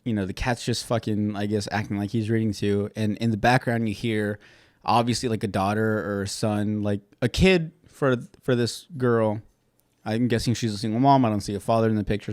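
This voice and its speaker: A man's voice: on the low side, a little fast, no echo, studio quality. A man hosting a podcast in casual chat, rambling and swearing often, with lots of fillers. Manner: rambling and profane, with many fillers; grows loud and animated when retelling something funny. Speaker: podcast host.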